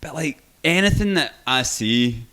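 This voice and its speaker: A man's voice: medium pitch, lively intonation, measured pace, sharp tone. A young man co-hosting a podcast, telling a long story in a rambling, loose way and swearing freely. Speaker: podcast co-host. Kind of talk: casual chat.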